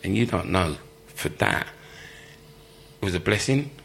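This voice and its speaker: A former footballer telling lively stories in an interview, laughing often and acting out the people he quotes. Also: low-pitched, measured pace, vocal fry, a little hiss or hum. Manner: animated storyteller, laughs often, acts out quoted voices. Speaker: former professional footballer, guest. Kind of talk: live storytelling interview.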